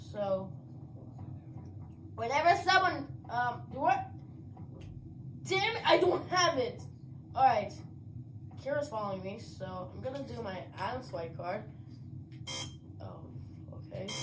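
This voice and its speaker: A woman giving live commentary while playing an online game, narrating her own moves and swinging from low mutters to shouted outbursts. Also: slight background noise. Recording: roomy echo.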